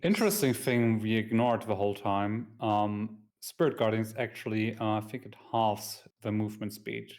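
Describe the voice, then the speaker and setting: A man's voice: fairly low pitch, normal speed, hardly any pauses, a little mellow. A man playing a tabletop game on stream, talking hesitantly with many ums. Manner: hesitant, many ums, mutters when he slips. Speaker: player.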